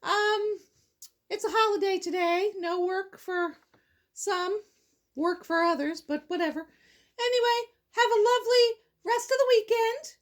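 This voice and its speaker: A woman's voice: very high-pitched, a little slow. A woman from Canada reading a children's story aloud, wandering into jokey, rambling asides. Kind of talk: casual read-aloud storytelling.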